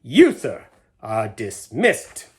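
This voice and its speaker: A man's voice: medium pitch, huge pitch swings, extremely slow, darkish tone, husky, heavily acted. A man voicing an angry, stiff middle-aged store boss in a storybook reading, clipped and commanding. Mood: furious.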